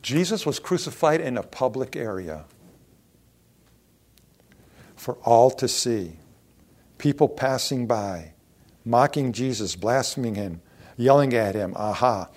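A male pastor delivers a sermon at an unhurried, deliberate pace. His voice sits in a middle pitch, and he acts out the mockers' taunts. He swings between loud outbursts and quiet lines. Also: animated.

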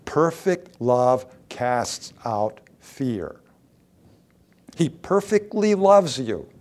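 A man's voice: medium pitch, sing-song, very slow, a little mellow. A middle-aged man preaching a sermon, asking rhetorical questions and reading scripture aloud.

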